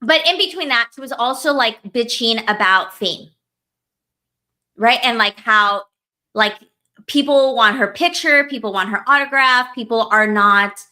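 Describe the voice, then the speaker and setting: A woman's voice: a little high, unhurried, pushed and bright. A woman co-hosting a podcast, ranting in casual chat, heated and profane, full of filler words. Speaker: podcast co-host.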